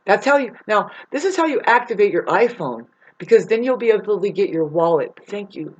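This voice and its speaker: A woman's voice: mid-range voice, animated, a little fast, few pauses, husky. A woman in a rambling, profane spiritual monologue, laughing often as she talks. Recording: muffled lo-fi recording.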